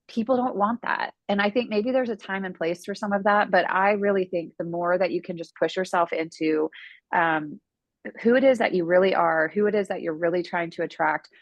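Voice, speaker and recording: A woman co-hosting a live online meetup, giving energetic, motivating advice with lots of fillers. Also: lowish voice, moderate pace, dry recording. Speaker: co-host. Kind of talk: casual advice chat.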